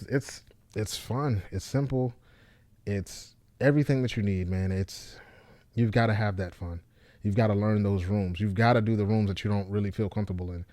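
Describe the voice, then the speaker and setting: A man who is a stand-up comedian, talking casually to camera in a low, deep, monotone voice with loose fillers. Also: dry recording. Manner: loose, repeats himself with fillers like "you know what I'm saying".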